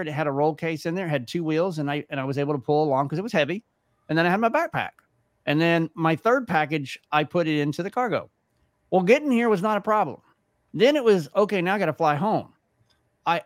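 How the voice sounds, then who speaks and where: A man's voice: on the high side, no echo, studio quality. A man co-hosting a podcast, telling a story in casual chat and acting out the other people's lines. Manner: animated, acts out quoted dialogue. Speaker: podcast co-host.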